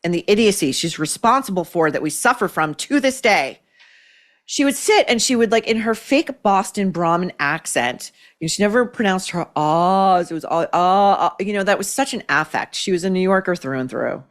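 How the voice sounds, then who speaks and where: A woman's voice: fairly low pitch, expressive, moderate pace. A woman hosting an opinion show, delivering blunt, sarcastic, profane commentary. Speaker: podcast host.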